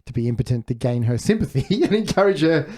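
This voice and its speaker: A man's voice: medium pitch, big pitch swings, fast talker, mellow. A man hosting a casual movie podcast, asking the group questions and reading out trivia. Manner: leads with questions and reads out trivia. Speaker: podcast host.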